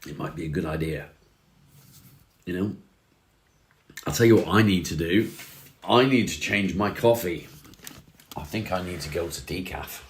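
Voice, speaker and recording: A man's voice: low-pitched, normal speed, long pauses, reverberant, slight background noise. A man hosting a casual livestream, chatting easily and replying to comments as he reads them. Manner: relaxed, chatty, says mate often. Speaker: livestream host.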